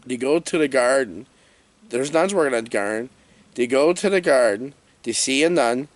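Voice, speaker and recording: A man giving a comedic, rambling movie review rant in an animated, jokey way. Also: medium pitch, moderate pace.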